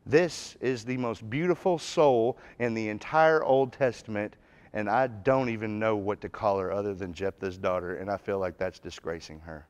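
A man's voice: on the low side, moderate pace. A man preaching a folksy, emphatic Bible class sermon in a church, rising in force when he reads scripture. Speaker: guest preacher. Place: church auditorium.

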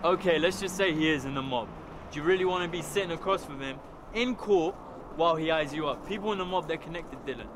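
A man's voice: fairly high pitch, quick pace, noisy background, close to an everyday voice. A man playing a blunt, hot-headed young man who swears a lot. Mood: dismissive. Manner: blunt, sweary, tense and stubborn. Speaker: actor in showreel scenes. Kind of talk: naturalistic screen acting.

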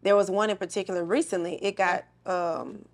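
A woman's voice: medium pitch, steady tone, a little fast. A young adult woman comedian, a guest in a casual interview, telling stories in a candid, laid-back way with slang.

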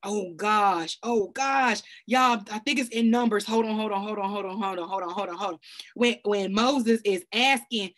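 A woman giving a casual, excited Bible lesson to her viewers, speaking in loose slang and often sidetracked as she works through scripture. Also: mid-range voice, moderate pace. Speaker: Bible study teacher. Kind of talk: casual preaching to camera. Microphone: self-recorded video.

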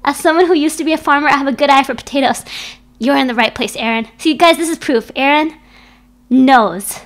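A woman's voice: high voice, fairly quick. A young woman streaming from home into a desk microphone, chatting casually and playfully with her viewers, often giggling.

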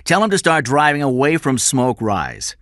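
A man's voice: medium pitch, very animated, moderate pace, a bit bright, dry recording, studio quality, voice pushed up. A man voicing a bossy, sarcastic kidnapper. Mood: commanding. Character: hard-nosed male kidnapper, gang leader.

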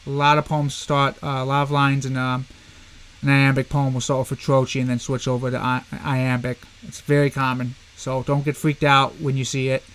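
A man giving a casual online poetry lesson, talking informally with many fillers and slowing down to read verse aloud and mark its beat. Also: mid-range voice, flat delivery, fairly bright tone. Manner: chatty, many fillers and "guys", reads verse slowly to stress the beat. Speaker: poetry teacher.

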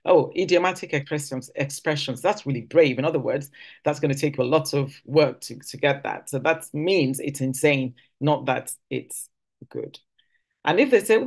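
Woman church speaker, chatty teaching tone, voices quoted phrases with big pitch leaps. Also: darkish tone.

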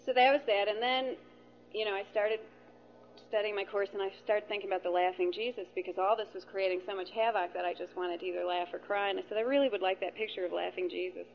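A middle-aged woman pours out her story in an emotional rush, jumping from one aside to the next. Her voice sits at a middle pitch. The recording is dull and lo-fi. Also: steady tone, quick pace, creaky. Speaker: participant sharing at a spiritual retreat. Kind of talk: personal sharing, retelling conversations.

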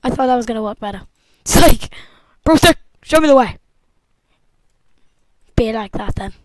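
A young woman with a bright, high voice runs casual let's-play commentary, excitable and jokey, bantering with the game as she goes. Her voice sounds close and dry, with no room around it. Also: moderate pace, dry recording, poor audio. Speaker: gameplay commentator.

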